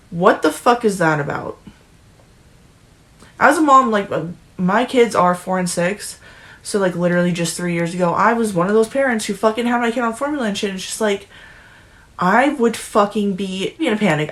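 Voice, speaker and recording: Young woman vlogger, foul-mouthed and tearful, ranting hard. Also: medium pitch. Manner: profane, emotional, ranting, restarts often. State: near tears. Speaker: political commentary vlogger. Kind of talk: angry political rant vlog.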